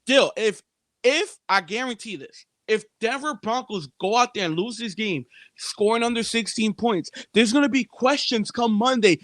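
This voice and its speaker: A man with a high, lively voice co-hosts a sports betting show in casual chat. He talks emphatically, circling back on his points and calling out to his listeners. The recording is dry and close. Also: moderate pace, no room sound. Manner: emphatic, repetitive, addresses listeners as "people". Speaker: sports betting podcast co-host.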